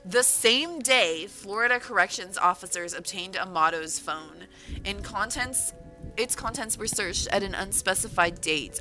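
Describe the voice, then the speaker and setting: A woman author on a livestream, reading a news report aloud and breaking in with animated, disbelieving exclamations. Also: fairly low pitch, rough recording. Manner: animated, exclaiming in disbelief between read-out passages. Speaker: author livestreaming a writing session.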